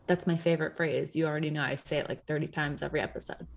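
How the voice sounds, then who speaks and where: A woman's voice: deep voice, steady tone, rapid-fire, gravelly. A woman co-hosting a podcast in casual chat, swearing freely, laughing often and acting out the voices of people she quotes. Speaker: podcast co-host.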